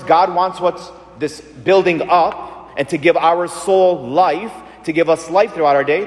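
A man preaching a sermon in a conversational, animated way, asking his listeners questions. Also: a little high. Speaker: priest. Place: church. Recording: long church reverb.

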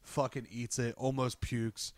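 A man's voice: medium pitch, level tone, measured pace, no echo. Rambling man in a dry room. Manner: rambling, filler-heavy, laughs, swears. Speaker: friend retelling a movie. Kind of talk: casual chat.

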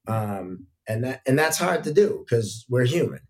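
Man telling relaxed referee stories. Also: mid-range voice, measured pace. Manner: relaxed, anecdotal, frequent fillers. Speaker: hockey referee and guest. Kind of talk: casual podcast storytelling.

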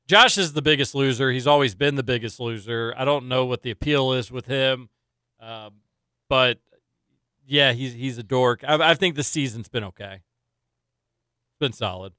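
A man's voice: mid-range voice, moderate pace, pauses often, clean tone, no echo, clean studio sound. Opinionated man. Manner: opinionated, animated rants. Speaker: sports talk show host. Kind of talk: casual sports radio chat.

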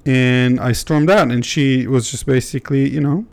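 A man's voice: mid-range voice, normal speed, gravelly, darkish tone. A young man hosting a podcast, talking candidly in a rambling way, full of fillers and swearing. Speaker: podcast host. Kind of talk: casual podcast chat.

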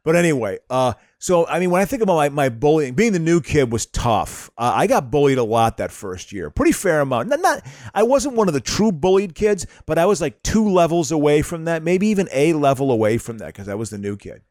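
Lively, stammering man telling stories. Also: on the high side, brisk, hardly any pauses, no echo, clean studio sound. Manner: rambling storyteller with stammered restarts, swears. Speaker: podcast co-host. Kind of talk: casual chat.

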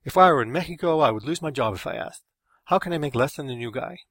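A man voicing a frustrated, underpaid Mexican male software contractor who talks with loud indignation. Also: mid-range voice, animated, quick pace, slightly rough, no echo, studio quality, voice pushed up. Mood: indignant. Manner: indignant, emphatic.

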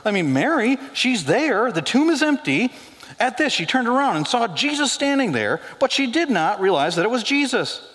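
A man preaching a sermon as pastor, animated and joking, dropping his voice low for quoted lines. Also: normal speed. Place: church sanctuary. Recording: long hall reverb.

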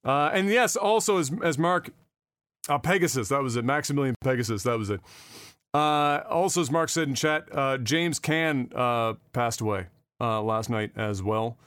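On a casual podcast, a male host rambles about movies and games, swearing freely. His mid-range voice is animated and slightly bright, moving at a moderate pace. The recording is dry and clean, with a studio feel.

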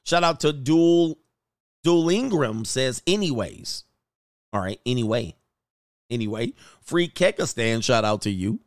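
A man's voice: medium pitch, lively intonation, unhurried, dry recording, clean studio sound. A man hosting a casual livestream, joking and laughing as he reads out viewer comments. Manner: joking, laughs often, slangy. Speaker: show host.

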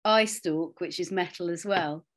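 Lively woman telling stories. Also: lowish voice, measured pace. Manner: lively storyteller, quiet asides. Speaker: interviewee, actress. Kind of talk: anecdotal interview chat.

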